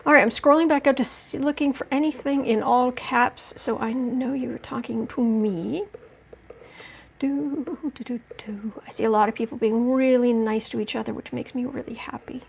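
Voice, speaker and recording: A woman's voice: on the high side, steady tone, moderate pace, creaky, slightly rough. A woman hosting a casual livestream tarot reading at home, chatting in a rambling way with many restarts and asides. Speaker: tarot reader and livestream host. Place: at home indoors.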